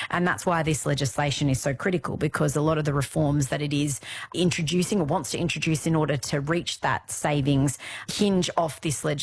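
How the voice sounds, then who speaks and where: A woman's voice: low-pitched, slight background noise. A woman reporter answering interview questions in a fluent, explanatory way. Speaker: disability affairs reporter. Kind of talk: live news interview answers.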